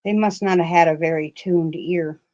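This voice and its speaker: A woman co-hosting a craft livestream in a friendly, thoughtful, casual chat, warmly welcoming viewers. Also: lowish voice, fairly even intonation, normal speed, dry recording, muffled recording.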